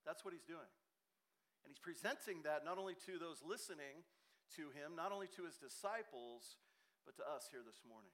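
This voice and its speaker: A man's voice: fairly high pitch, lively intonation, moderate pace, a bit bright. A man preaching a Sunday morning sermon in a church, earnest and conversational, often restarting his phrases. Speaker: pastor. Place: church sanctuary with a ringing sound system.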